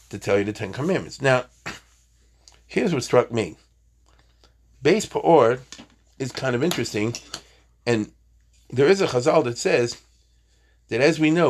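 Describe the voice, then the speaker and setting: A man teaching an informal Torah class, chatty, with joking asides and Hebrew terms. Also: medium pitch.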